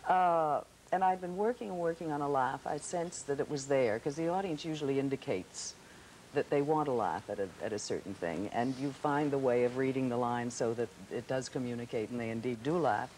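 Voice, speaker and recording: A woman guest on a talk show, telling animated stories about stage work and laughing often. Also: rumbling low, fairly quick, rough recording. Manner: animated storytelling with frequent laughs. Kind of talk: casual chat. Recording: faint hiss on old TV audio.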